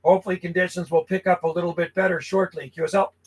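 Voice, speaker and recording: A man from Canada chatting and calling stations live from his home radio room as a ham radio operator, friendly and relaxed. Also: high-pitched, fast, very noisy.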